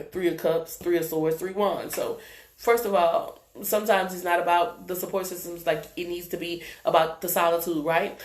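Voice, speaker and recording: Blunt, profane woman doing a tarot reading. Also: on the low side. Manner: blunt, profane, laughing asides. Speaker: tarot reader. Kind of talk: live-stream tarot reading. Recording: roomy echo.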